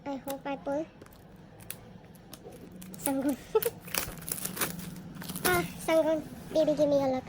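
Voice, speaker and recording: A woman unboxing albums on a casual vlog, gushing excitedly and gasping at each card she pulls. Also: high-pitched, slow pace, long pauses, background noise.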